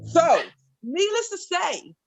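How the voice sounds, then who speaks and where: Animated, high-voiced woman doing stand-up. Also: takes it slowly, no echo. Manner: animated, playful storytelling with acted-out quotes. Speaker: stand-up comedian. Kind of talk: stand-up comedy.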